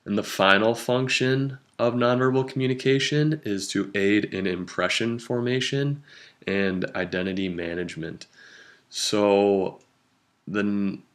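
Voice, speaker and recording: A young man with a low, deep voice gives a class presentation. He talks slowly and hesitantly, often pausing on ums as he works through his points. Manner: slow, hesitant delivery with frequent ums. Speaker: student presenter.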